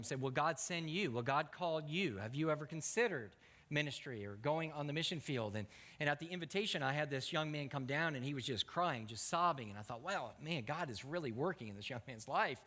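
A man preaching a sermon as pastor, telling stories with lively acted-out prayers and frequent stammered restarts. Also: mid-range voice. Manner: animated storytelling with acted-out prayers and repeated stammers. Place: church sanctuary. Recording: long hall reverb.

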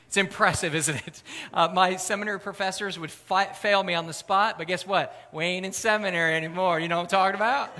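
Man, pastor, conversational sermon, bright tone, long reverb. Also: sits high. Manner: conversational preaching, animated emphasis.

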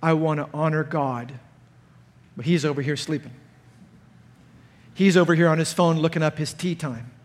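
A pastor delivers a conference sermon at a moderate pace, leaving long pauses, his voice high for a man. The big hall's long reverb hangs on each phrase, and he becomes animated, loud, and sharp when acting out quoted people.

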